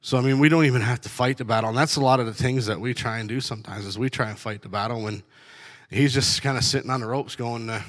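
A man's voice: mid-range voice, fast talker. A middle-aged man with a blunt, laughing storytelling manner, giving a casual faith testimony about life as a truck driver. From Canada.

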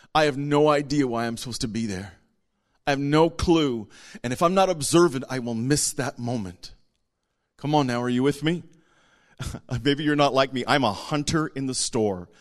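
A man preaching a sermon, animated, acting out little voices and dropping to a whisper for emphasis. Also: medium pitch. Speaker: pastor.

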